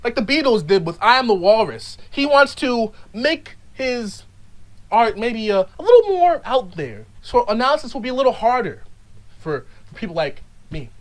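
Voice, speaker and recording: A vlogger rambles through an ironic monologue with a straight face, tripping over words and restarting sentences. The voice sits at a middling pitch and lurches between sudden loud outbursts and low, half-swallowed mumbling. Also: sing-song, normal speed, low-quality recording. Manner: mock-serious, stammering restarts.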